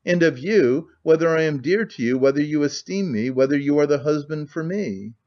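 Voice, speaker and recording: An earnest, proud young woman, as a male reader puts her on speaks firmly and with feeling. The voice is a bit high. The sound is dull and lo-fi. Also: expressive, moderate pace, close to an everyday voice.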